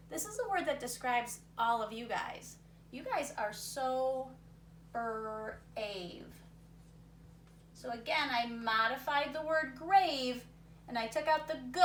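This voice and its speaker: A woman's voice: high-pitched, a bit bright. A woman teacher talking young students through a word game, encouraging them and thinking aloud as she goes. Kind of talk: recorded reading lesson for young students. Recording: roomy sound from a distance, faint noise.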